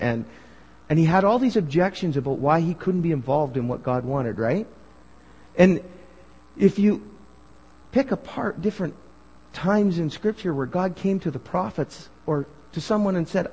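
A man preaching a sermon, animated and asking the congregation questions. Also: high voice, unhurried, breathy edge. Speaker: pastor. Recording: hall reverb.

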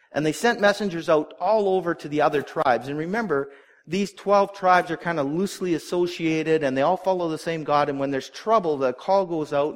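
A man preaching a sermon, retelling a Bible story in a conversational way and briefly acting out the characters' lines. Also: on the high side. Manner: conversational storytelling, acts out voices. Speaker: pastor.

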